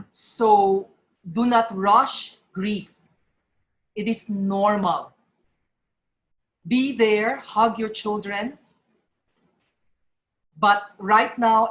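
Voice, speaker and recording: An earnest middle-aged woman speaks to parents and students in a heartfelt way, and her voice now and then breaks with feeling. Her voice sits in a middle pitch. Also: fairly bright tone, low-quality recording. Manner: earnest and emotional, voice breaking at times. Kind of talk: emotional public talk.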